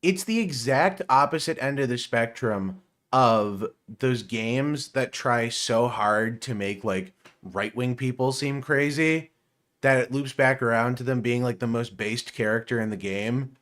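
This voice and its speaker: A man's voice: mid-range voice, a little slow, a bit bright. A man co-hosting a casual podcast, sarcastic and crude, swearing and laughing often as he reacts to a video. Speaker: podcast co-host.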